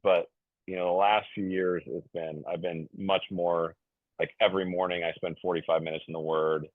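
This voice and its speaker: A man's voice: low-pitched, level tone, moderate pace, no echo. A man in his fifties, a podcast guest, telling family stories in a rambling, jokey way, full of fillers and restarts. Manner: jokey, self-described goofy. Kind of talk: casual conversational storytelling. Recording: tinny phone-like dry sound.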